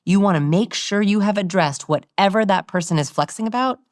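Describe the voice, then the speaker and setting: A woman's voice: medium pitch, brisk, no echo, clean studio sound. A woman, a body language expert, explaining ideas in a podcast interview and acting out quoted dialogue. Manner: animated, acts out quoted dialogue.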